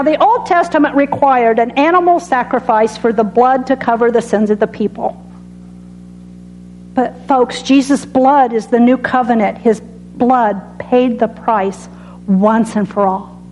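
A woman preaching a sermon that ends with an altar call. She speaks earnestly and drops to a soft hush on her key lines. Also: fairly high pitch, slight background noise, poor audio. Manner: earnest, dramatic pauses, drops to soft tones on key phrases.

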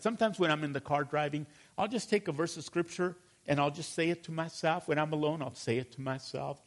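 A man preaching a sermon to his congregation, calling for responses and asking them questions. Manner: drops to a low mutter on repeated verses. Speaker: pastor.

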